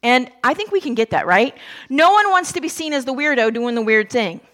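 Speaking briskly in a slightly high voice, a woman preaches casually and conversationally, weaving lively asides to the audience into her storytelling.

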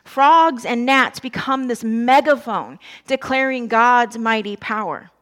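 A woman preaching a sermon in a relaxed, conversational way, telling the story with lively asides to her listeners. Her voice sits a little high. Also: slow.

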